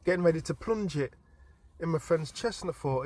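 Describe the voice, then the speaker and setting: A man casually telling a story from his dream as a vlogger, animated and informal, often stumbling and restarting his words. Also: a little high, fairly quick. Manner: animated retelling with frequent stammered restarts; informal and chatty.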